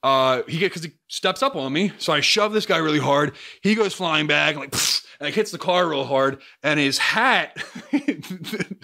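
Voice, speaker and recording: A young man recounting a story for his channel, with a bright, forceful voice that swings widely in pitch. He talks with restless energy and heavy swearing, jumping between mumbled asides and loud bursts. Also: animated, moderate pace. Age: young adult. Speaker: YouTuber. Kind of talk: storytelling vlog.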